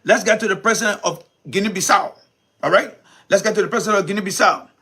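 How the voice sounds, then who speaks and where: A man hosting a live commentary stream, animated and repetitive, talking straight to his viewers. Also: high-pitched, fast talker, slightly rough. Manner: animated, repeats himself, talks to viewers as folks. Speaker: commentary show host.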